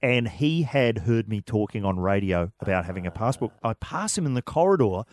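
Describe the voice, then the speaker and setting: A man's voice: lowish voice, brisk. An Australian man telling comic stories in casual chat, acting out the people in them. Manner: animated storyteller acting out voices. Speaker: guest comedian.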